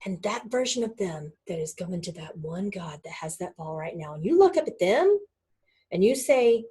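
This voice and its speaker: Woman, spiritual teacher, mellow breathy voice, animated storytelling. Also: on the low side, normal speed. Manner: animated, laughs often, acts out voices in stories. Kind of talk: casual spiritual teaching talk.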